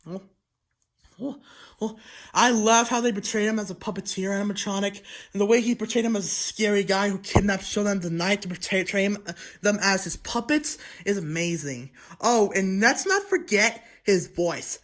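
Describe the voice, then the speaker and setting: A toy reviewer talking through a casual review video, excitable and rambling, with many restarts and frequent throat clearing. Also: mid-range voice, moderate pace.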